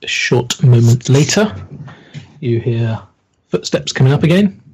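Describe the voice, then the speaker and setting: A very husky male game master who takes his time. He narrates a tabletop horror game in a hesitant, halting way, full of ums. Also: medium pitch, darkish tone.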